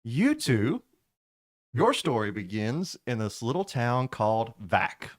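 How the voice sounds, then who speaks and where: A man acting as game master, narrating a tabletop game in a lively, casual way. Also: mid-range voice, measured pace, no room sound, studio quality.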